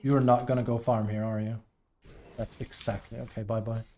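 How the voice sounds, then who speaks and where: A man's voice: lowish voice, level tone, normal speed, dark tone. A man streaming a team game and commenting as he plays, often venting about a teammate and sometimes trailing off under his breath. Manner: frustrated, complaining about a teammate. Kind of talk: live gameplay commentary.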